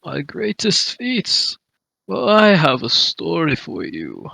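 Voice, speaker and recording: Slow, gravelly man role-playing a cleric. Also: fairly high pitch, wildly swooping pitch, pushed and bright, dry recording. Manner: slow, drawn-out storytelling. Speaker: player. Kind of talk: in-character role-play.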